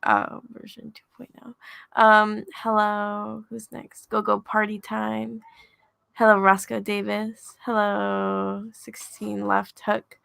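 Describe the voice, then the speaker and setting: A teenage girl at home reading out viewer names in a flat, offhand way on her father's livestream. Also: medium pitch, slow pace, creaky, clean tone, dry recording. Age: teens. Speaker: host's daughter. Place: home studio.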